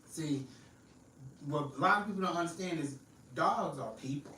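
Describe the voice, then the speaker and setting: A woman's voice: low-pitched, moderate pace, sharp tone, slight background noise. A woman chatting casually as a podcast guest, blunt and joking, laughing often. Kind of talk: casual chat. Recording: echoey room, mic at a distance.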